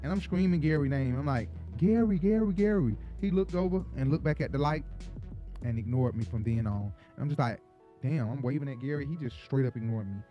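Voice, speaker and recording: A man from Atlanta hosting a gossip show, telling stories in a sassy, profane, animated way. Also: mid-range voice, brisk, lo-fi sound, soft background music. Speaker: show host. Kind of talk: casual gossip commentary.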